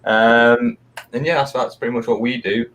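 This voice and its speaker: A man's voice: mid-range voice, fairly even intonation, normal speed, a bit bright, poor audio. A man co-hosting a live stream, chatting casually and introducing the other hosts. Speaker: co-host.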